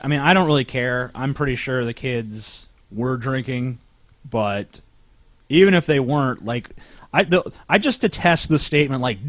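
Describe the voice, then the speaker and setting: A man's voice: mid-range voice, dry recording. Young male co-host, crude joker, dry close sound. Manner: crude, joking, does funny voices. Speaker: podcast co-host. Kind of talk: casual crude banter.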